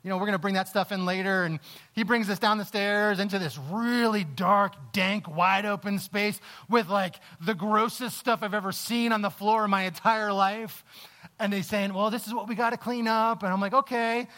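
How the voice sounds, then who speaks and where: A male pastor with a slightly high voice tells a personal story in a sermon. He talks in halting restarts, swinging between lively scenes and quiet, low reflection.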